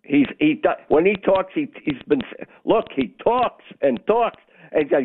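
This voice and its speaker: A man's voice: sits high, expressive, unhurried, slight background noise. An older man calling in to a talk radio show, blunt, agitated and argumentative. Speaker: caller. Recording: tinny phone line.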